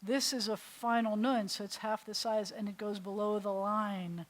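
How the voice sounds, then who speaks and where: A woman rabbi teaching beginners in an easygoing, chatty way. Her pitch sits in a middle range, and she keeps things playful with jokey asides. She mutters to her computer while she works. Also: fairly even intonation, normal speed. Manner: talks aloud to her computer while working. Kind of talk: casual beginner language lesson.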